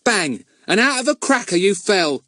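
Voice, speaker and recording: A man puts on a high, jittery boyish voice for Ern, an earnest lad who talks in an eager, pleading rush. The pitch swings wildly from line to line, and the sound is dry and close. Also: big pitch swings, normal speed, sharp tone, dry recording, heavily acted. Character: boy Ern, anxious, earnest, eager to please.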